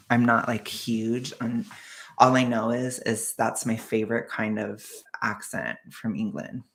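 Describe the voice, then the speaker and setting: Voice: medium pitch, gravelly, a bit bright. A young streamer giving casual reaction commentary, chatty and self-deprecating, often giggling.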